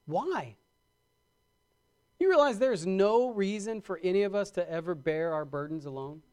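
A man's voice: high voice, lively intonation, darkish tone, smooth. A middle-aged man preaching a sermon as a pastor, building emphasis and acting out short asides. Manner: preaching with rising emphasis and quick acted-out asides.

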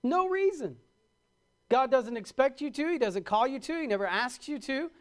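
Male pastor, middle-aged, high voice, preaches with mounting emphasis. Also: animated, a bit bright. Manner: preaching with rising emphasis and quick acted-out asides. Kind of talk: sermon.

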